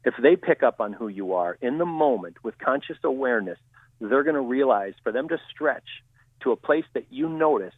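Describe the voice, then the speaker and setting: A man who trains people in communication, answering interview questions in a steady, explanatory way. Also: medium pitch, normal speed, dry recording. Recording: tinny phone-line audio.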